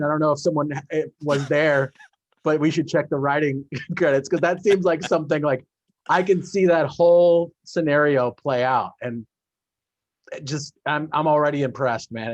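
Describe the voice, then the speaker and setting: A man's voice: fairly high pitch, dry recording. A man hosting a podcast over a video call, chatting casually, laughing along and asking short follow-up questions. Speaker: podcast host. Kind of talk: casual interview chat. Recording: dull lo-fi video call audio.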